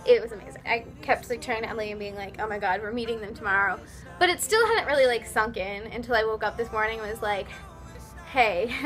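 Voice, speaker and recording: A young woman vlogger telling an excited, rambling story, full of "like" and restarts, her voice a little worn after a concert. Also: fairly high pitch. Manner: rambly, flustered, lots of "like".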